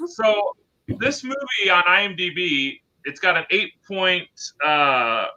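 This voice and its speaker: A man co-hosting a casual movie podcast, talking in a halting way with many restarts. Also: high voice, expressive, pushed and bright. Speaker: podcast co-host. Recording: dull lo-fi sound.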